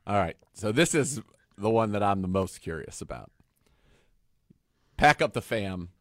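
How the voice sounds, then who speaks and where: A man's voice: lowish voice, expressive, measured pace, fairly bright tone, dry recording, studio quality. A man co-hosting a casual sports show, asking playful, teasing questions. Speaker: co-host. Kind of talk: casual chat.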